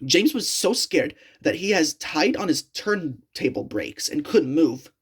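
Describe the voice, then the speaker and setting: A woman reading a creepypasta story aloud in a slow, halting storytelling manner. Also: deep voice, animated, husky.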